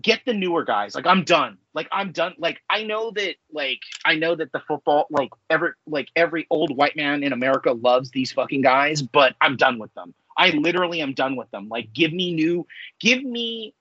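Rambling husky man in his forties. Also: a little high, lively intonation, normal speed, pushed and bright, no echo, muffled recording. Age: 40s. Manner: rambling, many "like" fillers, ranting. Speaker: podcast co-host. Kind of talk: casual chat.

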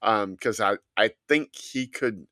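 Male co-host, casual and blunt, bright tone, close dry mic. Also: fairly low pitch, slow pace, no echo. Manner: blunt, offhand opinions. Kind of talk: casual chat.

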